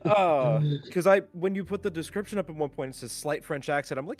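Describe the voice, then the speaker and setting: A male voice actor chatting casually on a voice call, animated and self-critical about his own work. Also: fairly high pitch, fairly quick, soft background music. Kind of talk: casual chat.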